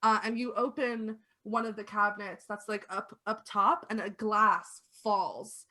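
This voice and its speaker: A woman's voice: medium pitch, fairly even intonation, a little slow, bright, forceful tone. A woman running a tabletop game as game master, chatty and explaining the rules with many fillers. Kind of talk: narrating a tabletop game on a stream.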